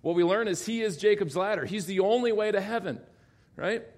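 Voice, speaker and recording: A man's voice: sits high, fairly quick, a little mellow. A male pastor preaching a sermon, telling a story with quoted dialogue and bursts of laughter.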